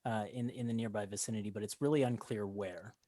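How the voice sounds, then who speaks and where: A man's voice: on the low side, steady tone, fast, warm tone, dry recording, studio quality. A man narrating as game master of a tabletop game, describing scenes with many ums and restarts.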